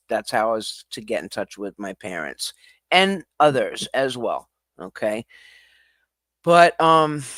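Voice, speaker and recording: A man's voice: mid-range voice, a bit bright, dry recording. A man hosting a casual livestream, ranting animatedly with swearing and laughter. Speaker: livestream host. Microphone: streaming setup mic.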